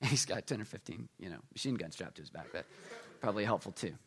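A middle-aged man preaching a sermon, telling jokey stories and swinging between loud emphasis and quiet asides. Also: on the low side, lively intonation, quick pace, husky. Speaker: pastor.

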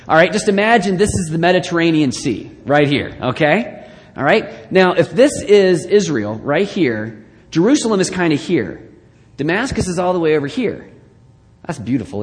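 A male pastor giving a conversational sermon with joking asides, swinging between loud bursts and quiet, hushed lines. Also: fairly high pitch. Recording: long reverb of a large hall.

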